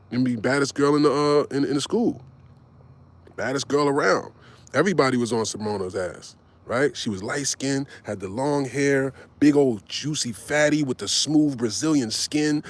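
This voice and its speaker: Slangy man telling a story. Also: medium pitch. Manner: animated, slangy, with frequent asides. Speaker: host. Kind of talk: casual storytelling.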